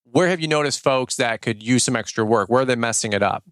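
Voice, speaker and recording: A man hosting an interview, asking questions in a halting, eager way with many restarts. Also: medium pitch, fairly bright tone, clean tone, no echo, clean studio sound. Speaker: podcast host.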